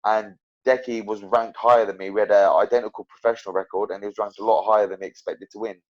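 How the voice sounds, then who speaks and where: Low-voiced man, rambling on a muffled line. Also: fast. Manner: rambling, full of fillers and restarts, animated storytelling. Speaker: professional MMA fighter, guest. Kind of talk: casual interview chat. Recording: dull lo-fi podcast audio.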